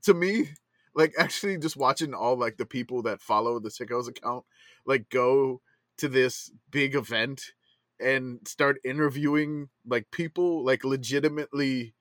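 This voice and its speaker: A man's voice: mid-range voice, normal speed, a bit bright, dry recording. Rambling, giggly podcast co-host man. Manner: rambling, filler-heavy, laughs often. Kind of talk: casual chat.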